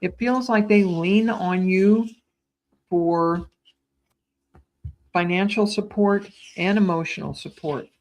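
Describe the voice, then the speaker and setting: A woman giving live psychic readings, speaking in a tender, soothing way with gentle repetitions and small stumbles, calling viewers sweetheart. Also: on the low side, takes it slowly, long pauses. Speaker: psychic medium.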